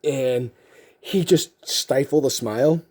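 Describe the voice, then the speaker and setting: A man's voice: medium pitch, takes it slowly, mellow. A man telling a story casually as a card video host, rambling with lots of fillers and restarts.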